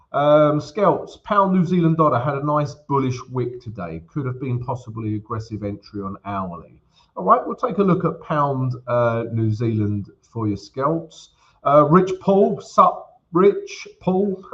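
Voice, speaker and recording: A man hosts a live trading stream in a relaxed, jokey way, greeting viewers by name as he talks through his charts. His voice sits at an ordinary middle pitch. The audio is a little dull and lo-fi. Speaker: forex trading livestream host. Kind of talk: casual livestream chat.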